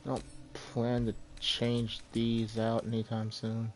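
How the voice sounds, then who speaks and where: A man's voice: medium pitch, completely flat delivery, slow pace, faint music behind. Rambling male game streamer. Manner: rambling, full of fillers. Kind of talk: casual gaming chat.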